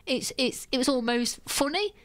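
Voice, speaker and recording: A woman's voice: high voice, moderate pace. A woman co-hosting a radio show, telling a story and acting out what people said. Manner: animated storyteller, acts out quotes. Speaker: radio co-host. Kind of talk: casual radio chat.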